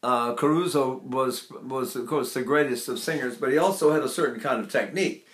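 A man's voice: medium pitch, fairly quick. An older man teaching singing technique, talking in a rambling way and breaking into sung vowels to demonstrate. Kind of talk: vocal lesson with sung demonstrations. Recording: echoey room.

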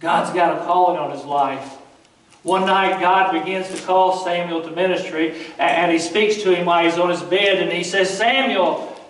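A man preaching a sermon, retelling scripture in a folksy, conversational way with asides to the congregation. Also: high-pitched. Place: church sanctuary. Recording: echoey church sanctuary, mic at a distance.

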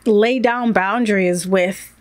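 A young woman in her twenties telling a storytime on her vlog, animated and laughing as she acts out the people she quotes. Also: mid-range voice, takes it slowly, no room sound. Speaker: YouTube vlogger.

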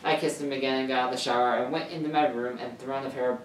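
Woman w a really deep voice reading a story, trips on words a lot, echoey + far from mic. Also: steady tone, racing. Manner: stumbling, self-correcting reading. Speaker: story reader. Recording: echoey room, off-mic, faint hiss.

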